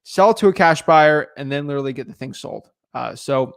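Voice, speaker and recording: A young man teaching in a casual livestream, talking fast with lots of fillers and calling his viewers guys. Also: medium pitch, creaky. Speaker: real estate coach.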